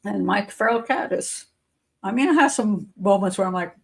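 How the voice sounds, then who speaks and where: A woman's voice: medium pitch, normal speed, gravelly. An older woman hosting a live chat show, talking casually and rambling with many fillers and restarts.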